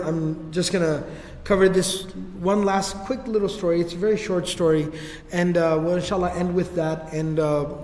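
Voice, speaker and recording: A man's voice: sits high, a little mellow. A man teaching a religious history class in a casual storytelling way, with slangy asides. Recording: echoey hall reverb.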